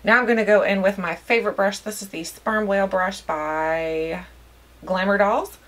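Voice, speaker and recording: A woman's voice: medium pitch, steady tone, normal speed. Chatty woman doing her makeup. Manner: chatty, rambling, self-deprecating. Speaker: beauty vlogger. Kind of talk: casual get-ready-with-me chat.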